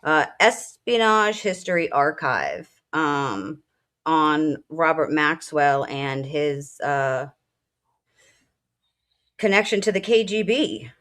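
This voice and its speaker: A woman's voice: sits low, expressive, slow, fairly bright tone. A woman co-hosting a casual political talk show, a military veteran who speaks bluntly and emotionally, swearing at times. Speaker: co-host.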